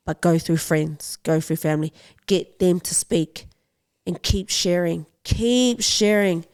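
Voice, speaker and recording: A woman's voice: fairly low pitch, dark tone. A young adult woman, a boxing champion, telling a personal story as a podcast guest in an impassioned, urgently pleading way.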